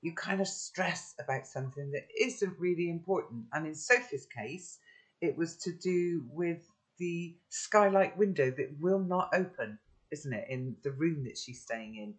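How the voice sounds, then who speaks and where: A man's voice: a little high, animated, unhurried. Man reading a children's novel aloud. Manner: friendly recap with tag questions.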